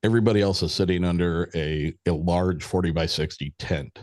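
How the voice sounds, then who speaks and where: Deep-voiced man telling a story, candid and profane. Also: a little fast, a little mellow, no room sound, clean studio sound. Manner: candid, swears freely, quotes people in conversation. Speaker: podcast guest. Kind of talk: casual spoken storytelling.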